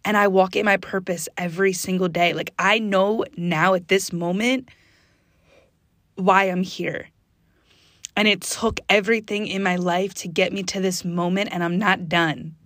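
A woman from the US East Coast hosting her own positivity podcast, talking in a chatty, energetic way with sudden high exclamations. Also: measured pace, dry recording, studio quality. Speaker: podcast host. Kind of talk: upbeat motivational podcast monologue.

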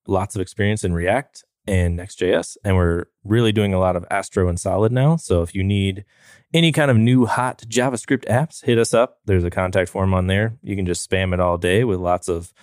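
A man hosting a casual podcast, talking in a relaxed, rambling way and laughing often. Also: deep voice, moderate pace, no room sound, clean studio sound. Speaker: podcast host. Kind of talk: casual chat.

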